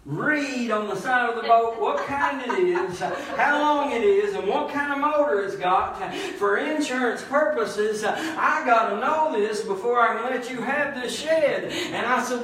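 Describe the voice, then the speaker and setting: A pastor preaching, telling a story with loud emphatic shouts and low, quiet asides. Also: male voice, a little slow, few pauses. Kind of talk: sermon storytelling. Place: church. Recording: echoey church hall from far off.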